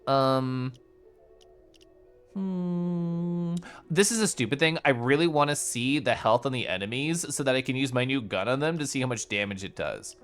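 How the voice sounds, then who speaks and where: A streamer casually commenting on a game and reading chat aloud, chatty and excitable, with sudden loud bursts between mumbled asides. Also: medium pitch. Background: game music.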